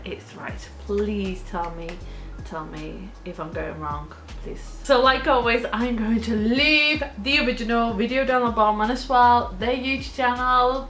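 Giggly high-voiced woman in her thirties. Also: a bit bright, echoey room. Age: 30s. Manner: giggly and gushing, breaks into laughter. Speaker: music reaction YouTuber. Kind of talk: excited casual reaction chat.

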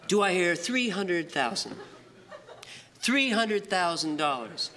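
A comic performer playing an auctioneer who runs bids with brisk patter. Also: medium pitch, sing-song, fairly bright tone. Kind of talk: comic sketch.

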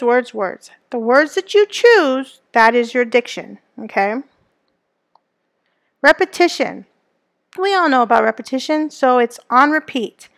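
A woman's voice: high voice, a bit bright, no room sound. A woman teacher giving a recorded lesson to students. She explains step by step and keeps checking in with them with "okay?" and "right?".

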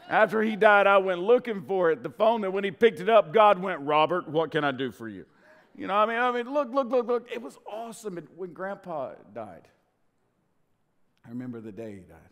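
A middle-aged man preaching a sermon as pastor, swinging between hushed whispers and loud, impassioned bursts. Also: sits high, lively intonation, a little fast. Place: church sanctuary. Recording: long hall reverb.

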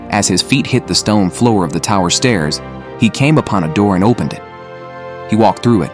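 Deep-voiced man narrating an audiobook.

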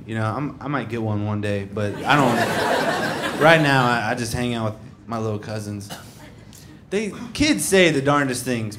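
Young man doing stand-up in a club. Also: mid-range voice. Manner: conversational storytelling, acts out kids and shouts punchlines. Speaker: stand-up comedian. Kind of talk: stand-up comedy set. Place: comedy club stage. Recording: live club recording with crowd noise. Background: audience laughter.

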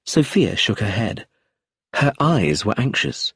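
Husky, breathy male narrator. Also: fairly low pitch, sing-song, moderate pace, no room sound, studio quality. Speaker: audiobook narrator. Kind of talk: scripted storybook narration.

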